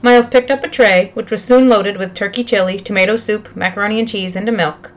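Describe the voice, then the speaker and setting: Expressive woman reading a children's book. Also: medium pitch, a little fast. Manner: lively, expressive storytelling. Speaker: narrator. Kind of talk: audiobook reading of a children's novel.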